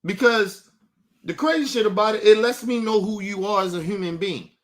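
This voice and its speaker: A man's voice: sits high, moderate pace. A man hosting a livestream, ranting combatively and profanely while talking straight to his chat. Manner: combative, profane, mocking, addresses chat directly. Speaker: livestream host. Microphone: streaming setup mic.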